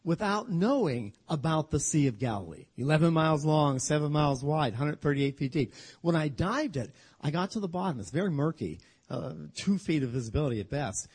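A man teaching a sermon as a humorous, animated story, acting out the voices of the people in it. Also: fairly high pitch, a little fast, husky. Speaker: Bible teacher.

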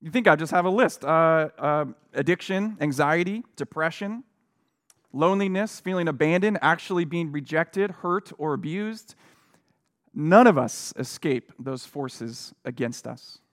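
A middle-aged pastor preaches a sermon, sharing a personal story in an earnest, conversational style with fillers and restarts. His voice is fairly high and a little slow.

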